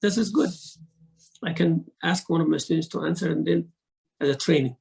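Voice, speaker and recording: A man giving a religious lesson, mixing quick recitation into his English explanations and acting out examples of speech. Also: a little high, gravelly, a little mellow, poor audio. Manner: mixes Arabic recitation into English teaching, acts out rude and polite speech. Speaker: sheikh teaching Quran commentary.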